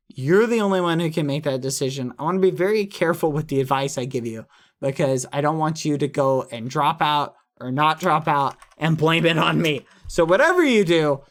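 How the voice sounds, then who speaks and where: A young man chatting on a late-night live stream, reassuring viewers in a rambling, apologetic way. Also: fairly high pitch. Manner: reassuring, rambling, apologetic, reads chat and donations. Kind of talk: casual live-stream chat.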